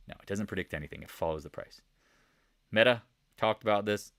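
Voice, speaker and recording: A man hosting a live market commentary stream, talking in a blunt, animated, sarcastic way. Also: fairly low pitch, a little fast, no room sound, clean studio sound. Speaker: host of a trading channel.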